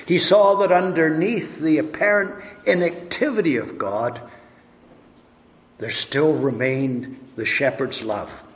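A man's voice: a little high, takes it slowly. A man preaching a sermon, telling stories earnestly with rising and falling emphasis. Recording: long echo of a large hall.

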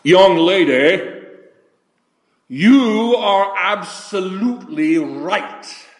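An older man voicing a stern, formal elderly preacher who speaks slowly and deliberately. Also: fairly high pitch, a little mellow, reverberant, full character voice.

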